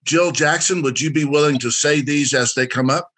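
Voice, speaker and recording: A man with a bright, forward voice running an interactive career workshop. He speaks directly and instructively and keeps encouraging the people taking part. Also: fairly high pitch, moderate pace.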